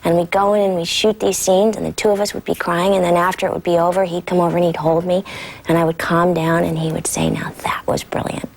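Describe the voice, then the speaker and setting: A former child actress speaking in an interview in a soft, reflective, earnest way. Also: female voice, lowish voice, flat delivery, fast.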